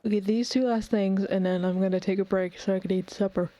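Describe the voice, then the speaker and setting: A woman's voice: medium pitch, steady tone, brisk, mellow, dry recording. A woman streamer chatting casually to herself while playing a game. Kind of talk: casual gameplay commentary. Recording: dull dry stream mic.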